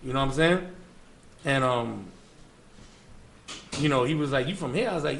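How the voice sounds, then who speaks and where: This Bronx guest's mid-range voice is gravelly and a bit bright, with lively intonation and a moderate pace. He tells loose stories full of slang and fillers in a New York accent, recorded in an echoey room with faint background noise.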